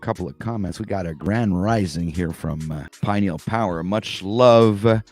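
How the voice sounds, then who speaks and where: A man's voice: deep voice, moderate pace, a little mellow, soft background music. A man hosting a casual morning livestream talk show, rambling and laid-back with many fillers and restarts. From Canada.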